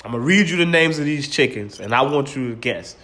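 A man's voice: mid-range voice, expressive, a little fast, fairly bright tone. A man co-hosting a podcast in casual chat, joking, slangy and laughing often. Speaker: podcast co-host.

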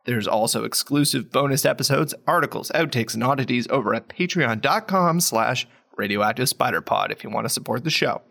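A man's voice: mid-range voice, a little fast, creaky, hardly any pauses, bright, forceful tone. A man hosting a podcast, reading a playful, wordy scripted intro. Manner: playful, wordy show-opener. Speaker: podcast host.

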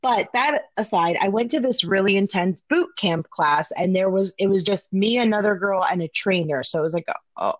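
A woman tells a story in casual podcast chat. She talks in an animated way with many fillers and swears now and then. Her voice is recorded dry and close, with no room sound. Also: mid-range voice, normal speed, hardly any pauses, no echo, poor audio. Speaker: guest sharing a story.

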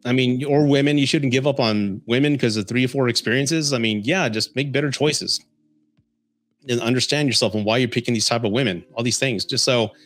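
A man from San Antonio hosts a podcast, swapping dating tales and advice in a relaxed, conversational way. His voice sits at an ordinary middle pitch, and he keeps breaking into small chuckles. Faint music plays quietly behind him. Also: a little fast, dry recording. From San Antonio, Texas, US. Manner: chuckles often while telling stories. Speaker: podcast host. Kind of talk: casual storytelling and dating advice.

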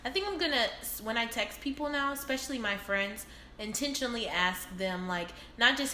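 Bright-voiced woman chatting in an echoey room. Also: lowish voice, normal speed. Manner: chatty, laughs often, advice-giving. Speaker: co-host. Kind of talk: casual chat. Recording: echoey room with faint noise.

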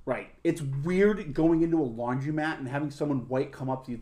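Speaking at a fairly quick clip in a mellow, mid-range voice, a young man hosts a podcast. His casual talk is all crude, profane stories stuffed with filler words.

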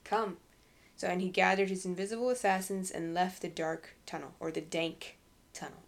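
A woman's voice: on the low side, steady tone, normal speed, creaky. A woman co-hosting a podcast about a book, chatting casually and reading passages aloud. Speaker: podcast co-host. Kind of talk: casual book-club chat.

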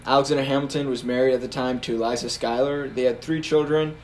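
A young man retells a historical scandal in loose, casual podcast talk, laughing often and padding with fillers. His pitch sits mid-range. A faint hiss runs under the recording. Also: fairly even intonation, fast. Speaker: podcast co-host telling a history story.

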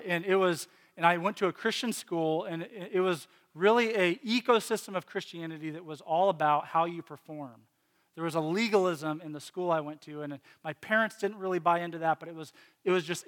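A man's voice: on the high side, a bit bright, in a large hall. A man from Virginia preaching a personal sermon as a pastor, earnest, with restarts and repeated phrases. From Virginia, USA.

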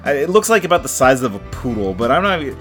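A man co-hosts a relaxed podcast and recaps a book with dry, wry asides. His pitch moves up and down a lot, and his tone is bright. A little music sits faintly under the talk. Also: fast talker. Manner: animated storyteller, wry, summarizes plot with asides. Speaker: podcast co-host. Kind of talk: casual book-club podcast chat with read-aloud passages.

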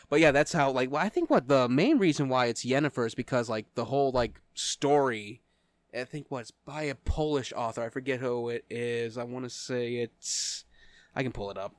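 A man's voice: mid-range voice, normal speed, no room sound. A man co-hosting a live podcast, chatting loosely and laughing often. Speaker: podcast co-host. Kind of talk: casual live-stream chat.

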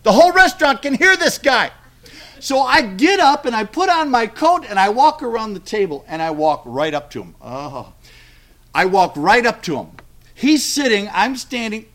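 A middle-aged man preaching a sermon, telling a story with lively acted-out dialogue. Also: high voice.

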